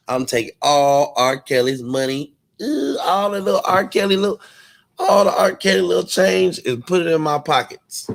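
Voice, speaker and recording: A man hosting his own commentary channel, ranting in a casual, profane way and mocking others with quick impressions. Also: high voice, animated, creaky.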